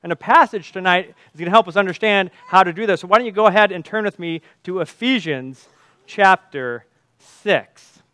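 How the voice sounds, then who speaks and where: A man's voice: sits high, fast, hardly any pauses, pushed and bright, no room sound. A man, in his thirties, preaching a sermon and telling a family story with chuckles.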